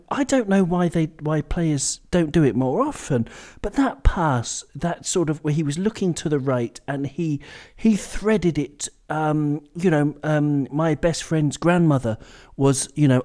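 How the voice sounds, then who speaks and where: A man's voice: a little high, mellow. A man hosting a casual football chat, rambling and drifting off on tangents. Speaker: podcast host. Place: indoors during a storm with traffic outside.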